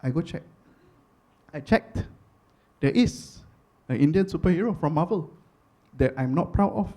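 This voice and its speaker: A young man from Singapore with a Singaporean accent, doing stand-up comedy with animated storytelling and Singlish phrasing. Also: on the high side, normal speed.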